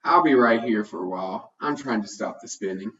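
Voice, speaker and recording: A man's voice: fairly low pitch, fairly quick, a bit bright, roomy sound, natural voice. Guy voicing a whiny greedy little puppy, storybook read, kinda far off and dull sound. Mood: sluggish. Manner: whiny, pleading. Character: hungry, greedy young male puppy. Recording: dull, distant home recording.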